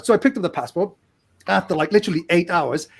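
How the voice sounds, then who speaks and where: A man's voice: high-pitched, fast, creaky, slightly rough. A young man, a podcast guest, telling a casual story in a rambling way and laughing often mid-sentence.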